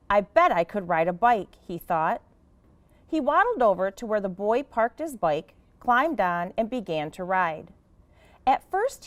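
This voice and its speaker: A woman's voice: mid-range voice, no echo. A woman librarian reads a picture book aloud to young kids, her voice rising and falling expressively. She takes her time over each line. The sound is dry and close. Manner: expressive, gently animated storytelling. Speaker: children's librarian.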